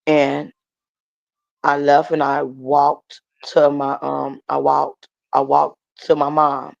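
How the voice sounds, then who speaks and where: A woman guest recounting her own story in conversation, in a halting, plain way. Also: sits low, monotone, creaky, lo-fi sound. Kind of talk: personal testimony in conversation.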